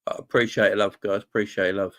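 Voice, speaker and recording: Brisk and fairly bright, this man's lowish voice shows little pitch movement. He's an adult with a wife and kids hosting a live football fan chat channel, and he speaks passionately and emotionally, repeating himself a lot.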